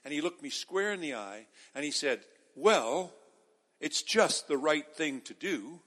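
Man, preacher, sermon, bright tense voice, calls out to the crowd. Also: on the high side, expressive, measured pace, in a large hall. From Israel. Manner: emphatic, calls out to the audience.

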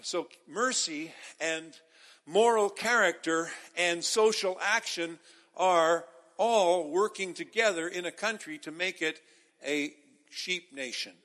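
High, bright-voiced man preaching in a hall. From Israel. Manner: emphatic, calls out to the audience. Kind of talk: sermon.

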